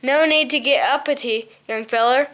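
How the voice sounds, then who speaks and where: A woman's voice: sits high, moderate pace, fairly bright tone. A woman reading a storybook, voicing a cheerful, eccentric upper-class male hare with jolly, posh banter.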